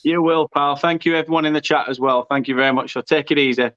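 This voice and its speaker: A man's voice: fairly high pitch, steady tone, fast, fairly bright tone, dry recording, lo-fi sound. A man co-hosting a football stream, bantering casually with some hesitant restarts. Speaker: co-host and channel moderator. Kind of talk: casual chat.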